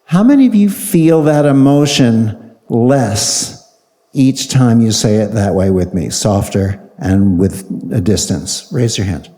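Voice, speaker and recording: A man's voice: lowish voice, expressive, slow, mellow. A man leading a live audience through a guided exercise, coaxing and playful, repeating short commands. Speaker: speaker on a panel. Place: large hall with a live audience. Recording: long reverb of a large hall.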